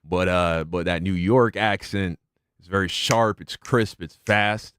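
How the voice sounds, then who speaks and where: A man talking through a live reaction stream, loose and conversational, drifting into side thoughts full of slang. His voice is smooth and clean. It sits close and dry on the mic. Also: low-pitched, a little slow, fairly bright tone, no echo. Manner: laid-back, muses aloud with slang. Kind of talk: casual reaction commentary.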